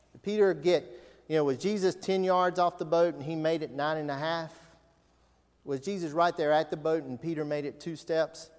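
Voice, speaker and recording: A male pastor preaching an animated sermon, asking the congregation questions. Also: a little high. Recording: long reverb of a large hall.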